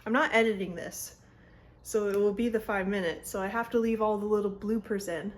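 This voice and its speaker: In a mid-range voice with fairly even intonation, a young beauty vlogger speaks a little fast. She chats casually through a makeup tutorial at home in front of a mirror, rambling and breaking off mid-thought, all recorded on a phone camera.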